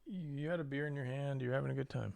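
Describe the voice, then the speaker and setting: A man's voice: medium pitch, fast, vocal fry, darkish tone, no echo. A man co-hosting a live painting stream, chatting casually in a laid-back way and laughing easily. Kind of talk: casual chat.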